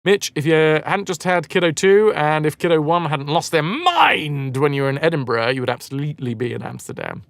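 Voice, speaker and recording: A man's voice: on the high side, very animated, brisk, vocal fry, few pauses, fairly bright tone, no echo, studio quality. A man live-streaming a game, chatting casually with viewers in a rambling, self-mocking way and swearing freely.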